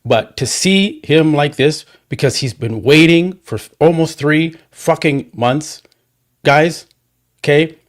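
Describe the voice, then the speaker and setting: A man's voice: on the high side, slow. A male podcast host talking casually and animatedly, often restarting his words as he backs up his guest. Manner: animated, repetitive restarts, supportive.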